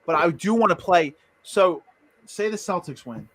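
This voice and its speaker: A man's voice: sits high, lively intonation, normal speed. Opinionated man in casual sports talk. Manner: confident, opinionated, repeats words when starting a thought. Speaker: podcast co-host.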